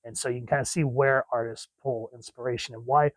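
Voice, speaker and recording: A man's voice: mid-range voice, fairly even intonation, fairly quick, no echo, poor audio. A man reviewing comic books in a casual, rambling and enthusiastic way. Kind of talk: casual chat.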